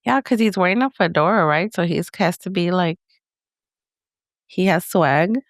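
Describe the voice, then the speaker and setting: A woman's voice: on the low side, normal speed, no echo, clean studio sound. A woman co-hosting a casual podcast, laid-back and giggly, with lots of filler words.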